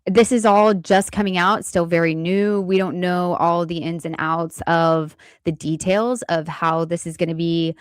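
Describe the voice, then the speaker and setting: A woman co-hosting a casual podcast, explaining details in a steady, clarifying way. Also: fairly low pitch, measured pace, hardly any pauses, clear, resonant tone, no echo, studio quality. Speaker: podcast co-host.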